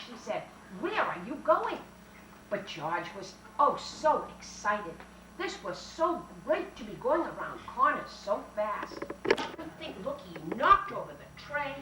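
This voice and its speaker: Lively woman reading to children, roomy old tape. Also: fairly high pitch, slight background noise. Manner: lively, animated, coaxing with children. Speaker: children's storyteller and French teacher. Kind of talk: reading a picture book aloud to children. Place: library story-hour room. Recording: roomy 1970s library tape, mic far off.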